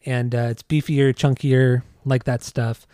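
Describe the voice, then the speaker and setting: A man co-hosting a casual music podcast, laid-back and rambling, quick to laugh. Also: mid-range voice, level tone, warm tone, dry recording, studio quality. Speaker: podcast co-host.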